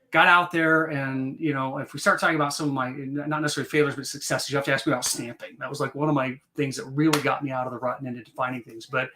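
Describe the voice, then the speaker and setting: A man's voice: on the high side, pushed and bright. A man telling his story as a podcast guest in a casual, rambling way, full of fillers and restarts. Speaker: podcast guest, real estate investor.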